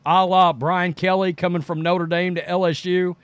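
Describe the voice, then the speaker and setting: A man's voice: sits high, little pitch movement, moderate pace, smooth, dry recording. A man from Texas hosting a political commentary show, talking casually with sarcastic, mocking asides.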